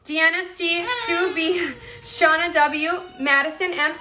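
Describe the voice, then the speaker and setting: Speaking in a very high voice, she keeps a steady tone and a slow pace with hardly any pauses, while background noise runs underneath. She's an upbeat, chatty home cooking livestream host who reads viewer comments aloud and calls her viewers "you guys."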